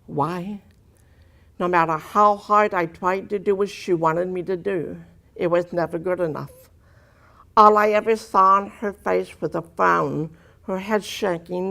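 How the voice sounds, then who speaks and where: A woman with a deaf speech pattern gives her testimony at a medium pitch for a woman. Her vowels and consonants land unusually, so listeners often take her for a foreigner. She tells her story earnestly and slips in dry humor. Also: measured pace, gravelly, fairly bright tone. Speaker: speaker giving a personal testimony. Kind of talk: testimony talk to an audience.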